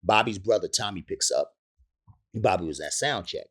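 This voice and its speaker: A rapper in his fifties, being interviewed, tells a long, animated anecdote in casual slang, acting out other people's voices in quotes. His voice is deep and fairly bright, with animated delivery at normal speed.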